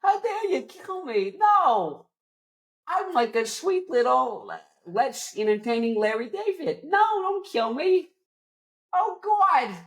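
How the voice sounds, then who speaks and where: A man putting on a squeaky, whining, wimpy rich man, curmudgeonly, voice jumped way up, cowering and pleading. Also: big pitch swings, slow, fairly bright tone, heavily acted.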